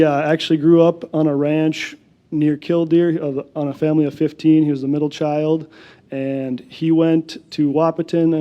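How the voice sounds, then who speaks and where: Young guy with a cold giving a talk, kinda muffled, flat mellow voice, lotsa ums. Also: fairly high pitch. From North Dakota. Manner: plainspoken, casual with fillers. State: has a head cold. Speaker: guest speaker. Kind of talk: conference presentation.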